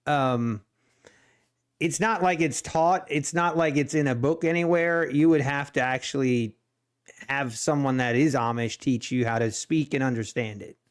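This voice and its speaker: A man's voice: mid-range voice, a little slow, smooth. A man in his thirties with a Pennsylvania Dutch accent, rambling and thinking aloud while commenting on his live trading. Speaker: day trader streamer.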